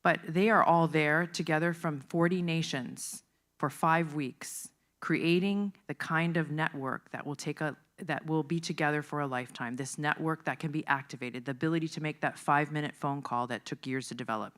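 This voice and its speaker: A woman's voice: low-pitched, steady tone, normal speed, a bit bright. Older woman wrapping up panel remarks.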